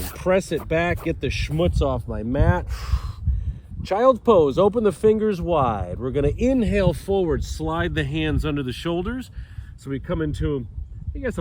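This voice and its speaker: Slow-talking fifty-year-old male fitness coach. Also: fairly high pitch, a little hiss or hum. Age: 50s. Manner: upbeat, jokey, cues movements while doing them. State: a little stuffy, clears throat often. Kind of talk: guided stretching instruction. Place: outdoors on a mat on grass.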